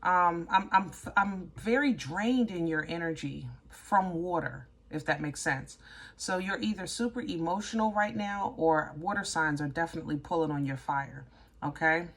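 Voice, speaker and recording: A woman giving a casual tarot reading, chatty and easily excited, rambling and restarting as she talks through the cards. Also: on the low side, normal speed. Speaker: tarot reader.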